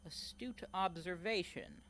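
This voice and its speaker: A woman's voice: on the low side, animated, measured pace, fairly bright tone, a little hiss or hum, voice pushed up. A woman voicing a cold, mocking stranger with a dry, arch delivery in a tabletop game. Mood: smug.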